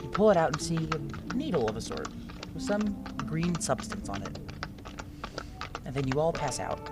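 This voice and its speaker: A man narrating as game master of a tabletop game, lively and correcting himself as he goes. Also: a little high, normal speed. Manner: lively, with restarts. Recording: music under the voice.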